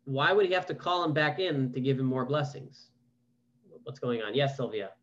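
A man's voice: medium pitch, expressive, moderate pace, dull audio. A man teaching a Torah class over a video call, reading verses aloud and then asking questions in a casual, conversational way. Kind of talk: online Bible class with casual commentary.

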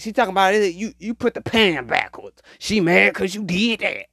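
A man giving casual relationship advice to women in an animated, repetitive, rambling way, often mocking. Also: sits high, normal speed, no room sound, studio quality.

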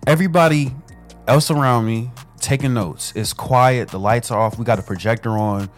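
A young adult man co-hosting a casual chat, telling a story in an animated way. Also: mid-range voice, normal speed, faint music behind. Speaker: co-host.

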